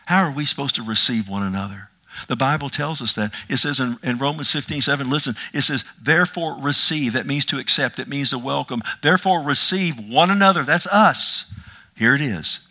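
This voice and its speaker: A male pastor delivers an impassioned sermon with a bright, forceful voice. He swings from loud declarations down to hushed whispers and keeps checking in with the congregation. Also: medium pitch, brisk. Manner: calls out "Amen?" to the congregation.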